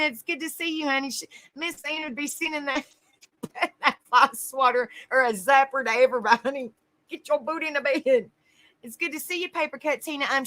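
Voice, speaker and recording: A woman's voice: high voice, sharp tone. A woman hosting a casual livestream, greeting viewers by name and calling them honey. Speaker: livestream host.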